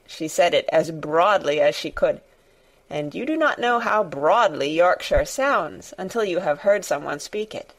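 A woman narrating a classic children's novel in a measured, expressive way. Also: deep voice. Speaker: audiobook narrator. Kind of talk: scripted narration.

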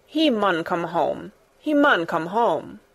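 A woman voicing a warm-hearted mother in a storybook, soft and a little tremulous. Lines are drawn out slowly and gently. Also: on the low side, very animated, exaggerated voice. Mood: tender. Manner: tender, tremulous. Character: kindly middle-aged Yorkshire mother.

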